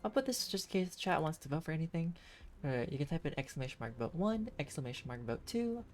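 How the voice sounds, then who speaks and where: A woman's voice: sits low, big pitch swings, fast, a little mellow, a little hiss or hum. A woman streamer making chatty, self-correcting asides during a casual live game playthrough.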